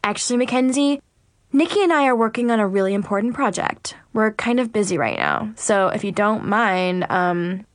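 A woman's voice: medium pitch, animated, moderate pace, no room sound, studio quality, natural voice. A woman reading a polite teenage boy. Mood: evasive. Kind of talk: audiobook reading.

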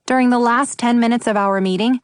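A woman narrating a children's story in the first person with a friendly, expressive reading. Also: fairly high pitch, fairly quick, clear, resonant tone, no echo, clean studio sound. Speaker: audiobook narrator.

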